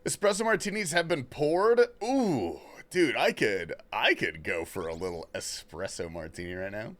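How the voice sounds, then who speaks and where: A man's voice: medium pitch, lively intonation, moderate pace, fairly bright tone. Laid-back, swearing young male streamer. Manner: laid-back, slangy and profane, reading and answering chat. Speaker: livestreamer. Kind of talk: casual gaming livestream chat.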